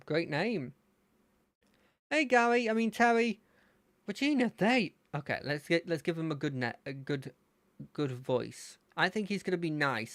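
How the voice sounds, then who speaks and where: A gaming streamer chatting casually while playing, with a lively, up-and-down voice. The tone stays relaxed as they think aloud, and the close mic sounds dry. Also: medium pitch, no echo. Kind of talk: casual let's-play commentary.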